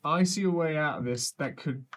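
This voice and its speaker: A man playing a tabletop game, working through a plan out loud with hesitant restarts. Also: fairly high pitch, moderate pace, a little hiss or hum. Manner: hesitant, thinking aloud with restarts. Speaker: player.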